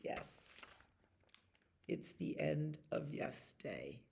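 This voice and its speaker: A librarian reads a bedtime story to young listeners in a gentle, soothing voice. She takes her time, and her fairly low voice has a gravelly edge. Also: very animated, slow pace. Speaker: children's librarian. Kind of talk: bedtime story reading for children.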